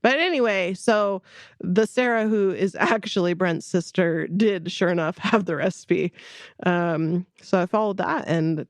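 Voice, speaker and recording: A woman's voice: on the low side, a little slow, dry recording. A woman co-hosting a podcast, telling a family story in casual chat and acting out the quotes. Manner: chatty storyteller, acts out quotes with laughs. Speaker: podcast co-host.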